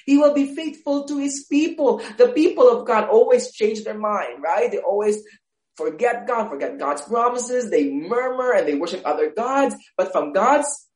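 A woman's voice: fairly high pitch, lively intonation, normal speed, a little mellow. Fervent woman pastor preaching. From Philippines. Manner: emphatic preaching with repetition, rising to fervent peaks. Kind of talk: sermon. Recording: echoey church hall.

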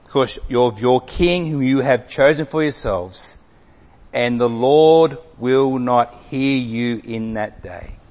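A man preaching a sermon, reading scripture with dramatic emphasis, swinging from loud, raised lines to hushed, slow drops. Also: mid-range voice. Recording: long hall reverb.

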